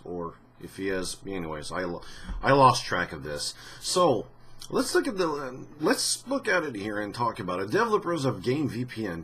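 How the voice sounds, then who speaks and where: A man's voice: fairly low pitch, a bit bright, a little hiss or hum. A man giving casual commentary on gaming news for his channel, talking in a rambling, blunt way with many restarts and the odd swear word.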